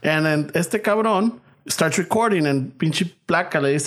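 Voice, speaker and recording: Animated storytelling man, swearing freely. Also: fairly high pitch, moderate pace. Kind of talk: casual chat, storytelling.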